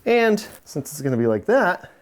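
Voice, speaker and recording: A man hosting a casual how-to, talking relaxed while he works with tools and now and then dropping into mutters. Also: high-pitched, moderate pace. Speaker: DIY home renovation host. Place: indoor pantry under renovation.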